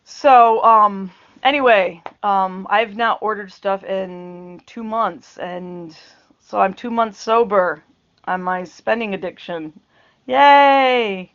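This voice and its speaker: A middle-aged woman chats slowly and unhurriedly on her home vlog, rambling from one aside to the next and laughing often. Her voice sits in a medium pitch, and the sound is dull and lo-fi. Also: a bit bright, clean tone. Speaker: vlogger. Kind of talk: casual chat.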